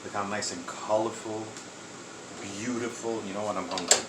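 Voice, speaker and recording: Cooking vlog host, male, low voice, chatty and excited, camera mic in a home kitchen with air-conditioner hum. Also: moderate pace. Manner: chatty, enthusiastic, talks while eating.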